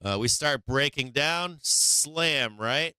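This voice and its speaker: A man's voice: mid-range voice, takes it slowly, bright, forceful tone, clean tone, no room sound. A man hosting a stock market live stream, talking through charts live with blunt, swearing remarks and many restarts, a bit worn in the voice as he loses it. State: losing his voice.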